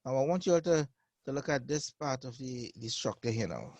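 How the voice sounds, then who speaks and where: A male teacher with a mid-range voice gives a beginner lesson in a dry, close-sounding space. He talks patiently and repeats each phrase slowly so his learners can follow. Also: medium pitch, animated, darkish tone, dry recording. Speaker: Arabic teacher. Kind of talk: online beginner language lesson.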